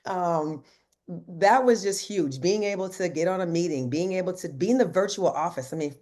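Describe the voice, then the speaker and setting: A man's voice: high-pitched, normal speed, darkish tone. A man who works as an insurance agent, telling his story in earnest on a team video call, speaking casually with lots of fillers and restarts.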